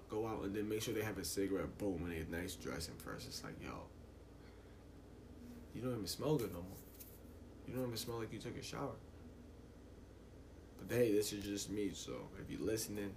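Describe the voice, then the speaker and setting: A man's voice: on the low side, animated, a little fast, long pauses, background noise. Profane, rambling young man on a podcast. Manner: loose, profane and rambling, with laughs. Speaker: podcast host. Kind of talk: casual solo podcast rant.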